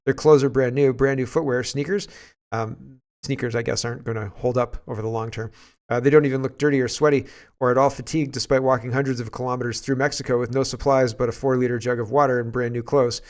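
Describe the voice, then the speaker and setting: A Canadian man hosting casual political commentary, rambling and sarcastic and often laughing. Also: mid-range voice.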